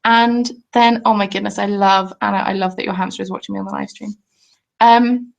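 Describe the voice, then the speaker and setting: A woman's voice: medium pitch, quick pace, creaky. A young woman rambles cheerfully through a home live stream. She chats off the cuff, trails off and restarts, and keeps stopping to answer viewers' comments. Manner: chatty, rambling, reads out and answers chat comments. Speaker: craft YouTuber.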